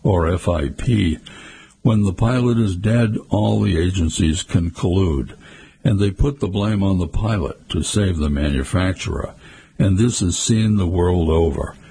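A man reading a news report in a measured, formal way. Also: deep voice, creaky, warm tone, slightly rough. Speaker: news narrator. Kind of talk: scripted news narration.

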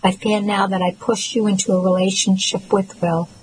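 Audiobook: a kind, motherly older woman, read by the narrator, gentle and lifted. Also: mid-range voice, little pitch movement, normal speed, breathy edge, poor audio. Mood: guarded. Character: kind older mother, warm then guarded.

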